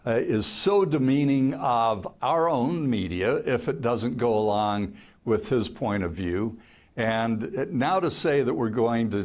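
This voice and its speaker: A man's voice: mid-range voice, darkish tone. A man speaking as a panel guest in an earnest, indignant tone. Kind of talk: debate commentary.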